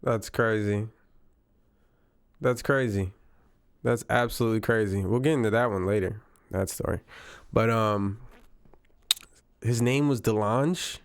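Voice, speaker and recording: Wry, smooth-voiced man reacting casually. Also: fairly low pitch, measured pace, pauses often. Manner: wry, incredulous, repeats himself for effect. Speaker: commentator reacting to news clips.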